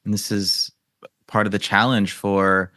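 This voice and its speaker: A man's voice: fairly low pitch, flat delivery, a little slow, sharp tone, no echo, clean studio sound. A man hosting a podcast interview, asking long, rambling questions with lots of fillers. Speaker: podcast host. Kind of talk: casual interview chat.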